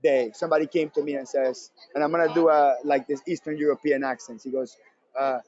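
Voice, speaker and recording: A man giving a live conference talk, energetic and repeating his points for emphasis. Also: on the high side, brisk, highs cut off. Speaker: presenter at a conference session. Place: convention center session room.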